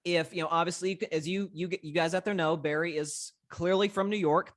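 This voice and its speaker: A man's voice: a little high, fairly even intonation, brisk, no room sound, clean studio sound. A man from the American South, a podcast guest talking sports in an emphatic, conversational way. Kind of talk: casual podcast chat.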